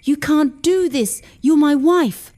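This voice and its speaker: A woman's voice: on the high side, sing-song, slow, dark tone, pitched above the performer's own voice, exaggerated voice. A woman reading the part of a controlling ex-husband who pleads and then demands in the first-person story she narrates. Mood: angry. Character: angry controlling ex-husband, a man.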